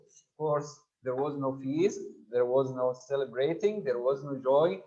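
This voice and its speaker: A man's voice: medium pitch, unhurried, warm tone, muffled recording. A man teaching literature, reading a verse tale aloud line by line and then explaining it in plain words, with many hesitations and self-corrections.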